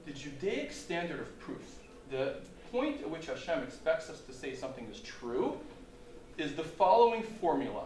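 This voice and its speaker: A rabbi giving an animated lecture, full of rhetorical questions and sudden swings between loud and soft. His fairly high voice echoes in a roomy space and is picked up from some distance, with faint ambience underneath. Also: a little hiss or hum. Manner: animated, rhetorical questions, dramatic shifts in volume. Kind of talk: Torah lecture.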